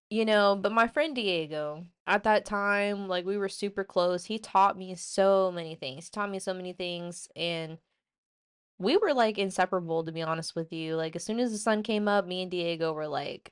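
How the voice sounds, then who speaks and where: A woman talks straight to her audience in a loose, rambling vlog monologue, full of fillers and restarts. Her voice sits a little low and sounds smooth and clear. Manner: rambling, filler-heavy, many "like" and "you know". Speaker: vlogger. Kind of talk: casual storytelling monologue.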